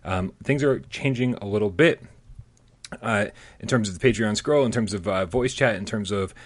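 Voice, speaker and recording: A man co-hosts a casual gaming news show in a lowish voice at normal speed. He jokes, laughs often and talks loosely with plenty of fillers in this casual chat.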